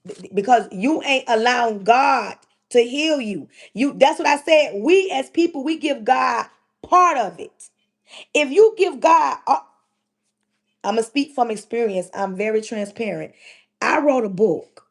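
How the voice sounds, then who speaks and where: A woman's voice: on the high side, expressive, unhurried. A middle-aged woman talking on her livestream, giving spiritual advice in a preaching style, repeating her points with emphasis and speaking straight to her listeners. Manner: repetitive, emphatic, speaks in direct address.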